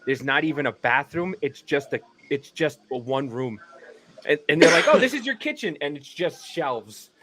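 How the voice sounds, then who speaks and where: A man chatting casually on a podcast, rambling and swearing as he tells animated stories. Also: mid-range voice, normal speed, heavy background noise. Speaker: guest comedian.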